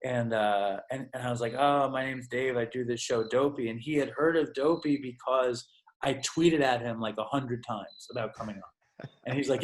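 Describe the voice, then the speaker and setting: A man's voice: medium pitch, fairly even intonation, moderate pace. A man telling stories as a podcast guest, rambling and profane and full of "like". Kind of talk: casual storytelling.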